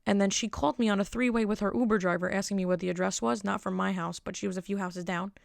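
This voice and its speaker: A woman's voice: mid-range voice, fairly even intonation, fast, creaky, dry recording, clean studio sound. A woman hosting a podcast, telling a rambling, digressive story in casual monologue with wry asides. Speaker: podcast host.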